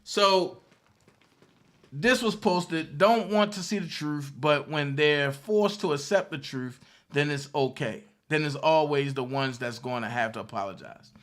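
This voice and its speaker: A man's voice: a little high, unhurried, fairly bright tone. Indignant man reading out text messages. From Baltimore, Maryland. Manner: indignant, mocking, emphatic repetition. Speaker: online commentator.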